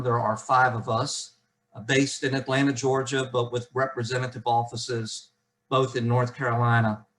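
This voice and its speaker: Southern guy in his 60s doing a keynote on a video call, steady pace, lots of uhs. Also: medium pitch, rough recording. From Southern United States. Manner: measured, with frequent uh fillers. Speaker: keynote speaker. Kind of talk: virtual keynote speech.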